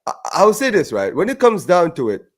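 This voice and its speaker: A man's voice: sits high, huge pitch swings, a little fast. A man from the United States, hosting a casual football chat on a video call, emphatic and repeating himself for effect. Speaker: podcast host and streamer.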